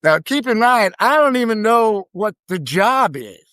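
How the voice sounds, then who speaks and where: An older man tells a story from his past as a guest. He is lively and slips into other people's voices. His voice sits a little high for a man, and the sound is close and dry. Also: a little slow, dry recording. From Chicago, United States. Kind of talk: anecdotal storytelling.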